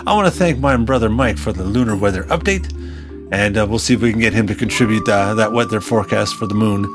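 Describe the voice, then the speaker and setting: A man's voice: lowish voice, quick pace, music in the background. A man hosting his podcast in a chatty, rambling, joking way. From Canada. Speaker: podcast host. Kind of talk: casual podcast chat.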